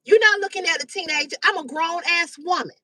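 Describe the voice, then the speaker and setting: High, bright-voiced woman in her fifties ranting. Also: fairly quick, no echo, recorded from a distance, poor audio. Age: 50s. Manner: blunt, loud, heavy cursing. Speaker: live stream host. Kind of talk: profane casual live-stream rant. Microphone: phone or webcam on a live stream.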